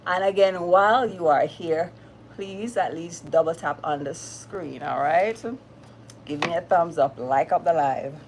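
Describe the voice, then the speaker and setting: A woman's voice: lowish voice, a little slow, a little hiss or hum. A woman with a Jamaican accent hosting a casual livestream, greeting viewers by name in a chatty, upbeat way. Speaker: livestream host.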